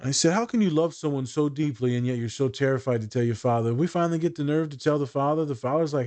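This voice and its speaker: A man who works as a therapist, chatting casually on a podcast, telling client stories with lively asides and sarcastic jokes. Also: medium pitch, fast, hardly any pauses. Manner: animated, storytelling, sarcastic asides. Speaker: therapist co-host.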